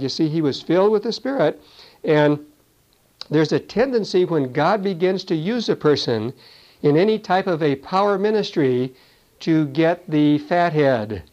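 Heard on a dull, lo-fi recording, this preacher's voice is a little high with a darkish tone. He delivers a Bible sermon conversationally, repeatedly tossing in "you see" and "you know."

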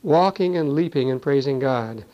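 A man's voice: medium pitch, lively intonation, moderate pace, dark tone. A man teaching a Bible sermon in a conversational way, often adding "you see" and "you know.". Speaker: preacher. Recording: dull lo-fi recording.

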